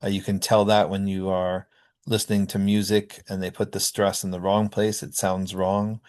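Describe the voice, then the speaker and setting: Guy with a lowish voice teaching a linguistics class, lots of uh and um. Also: level tone, normal speed, a little mellow. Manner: explanatory, frequent uh and um fillers. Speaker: linguistics lecturer. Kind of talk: recorded classroom lecture.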